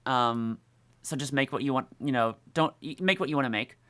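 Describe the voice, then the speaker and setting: A bright, forceful voice in a relaxed podcast conversation, full of quick laughs and filler words. The speaker sits in the guest's seat, talking shop as a voice actor. The tone stays animated throughout. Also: medium pitch. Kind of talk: casual podcast chat.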